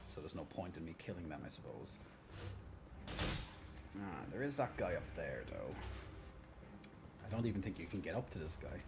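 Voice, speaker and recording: A man's voice: deep voice, very animated, normal speed, vocal fry, long pauses. A man streaming a video game, chatting casually and muttering sarcastic asides to himself. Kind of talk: casual gameplay commentary. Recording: stream audio with background noise.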